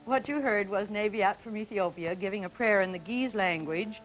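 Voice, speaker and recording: A woman moderating a 1950s broadcast student panel, asking poised, brisk questions and introducing guests. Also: mid-range voice, soft background music, rough recording.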